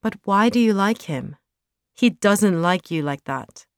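A woman voicing a gentle, hopeful teenage boy, speaking softly and earnestly in a storybook reading. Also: mid-range voice, expressive, a little slow, clear, resonant tone, no echo, studio quality. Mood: hurt.

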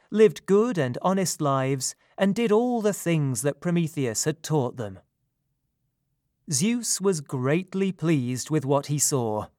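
A male narrator reads a myth aloud in a calm, measured way. His voice is a little high for a man, his pace unhurried, and the sound close and dry. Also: dry recording. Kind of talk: storybook reading.

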